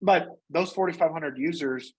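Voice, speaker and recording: A man being interviewed as a guest, telling his business story in a casual, energetic way and often tagging on "right?" and "you know". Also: on the high side, normal speed, husky, low-quality recording. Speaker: guest, company founder and CEO.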